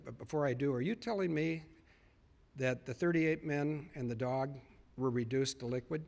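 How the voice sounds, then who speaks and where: A man of medium pitch speaks at a moderate pace, his voice a little mellow. He's a public speaker giving a storytelling speech to a live audience, earnestly retelling conversations and repeating things for emphasis.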